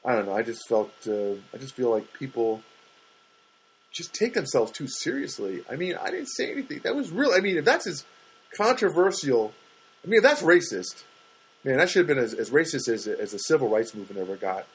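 A man's voice: a little fast, breathy edge, rough recording. A middle-aged man, a stand-up comedian, rambling through a comedic monologue and acting out what people said to him. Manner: animated, acts out quoted voices with big pitch jumps.

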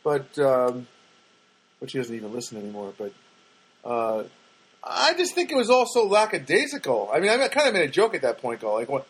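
A man's voice: medium pitch, huge pitch swings, brisk, a bit bright, slightly rough, low-quality recording. A man telling a casual, rambling story with many fillers and restarts, with wry, self-deprecating asides.

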